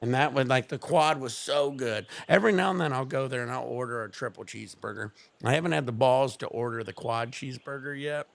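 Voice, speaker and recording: A man's voice: medium pitch, fairly quick, gravelly, dry recording. A man streaming from home, chatting casually in a rambling, laid-back way with plenty of swearing.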